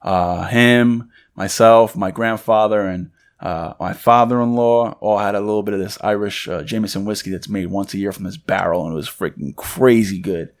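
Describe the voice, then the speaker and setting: A young man co-hosting a podcast, casually telling a rambling, excited story and acting out the voices of the people in it. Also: lowish voice, moderate pace. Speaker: podcast co-host. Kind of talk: casual chat.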